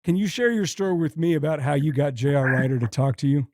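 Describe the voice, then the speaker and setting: A man with a fairly high voice hosts an interview podcast. He talks casually and bluntly, tossing in a curse now and then, and the sound is dry and close. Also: quick pace, darkish tone, no room sound. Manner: casual and blunt, swears freely. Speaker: podcast host.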